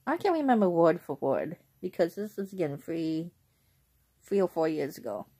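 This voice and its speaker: A young woman vlogging in a casual, rambling way, who often clears her throat. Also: fairly low pitch, big pitch swings, normal speed, mellow. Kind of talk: casual chat.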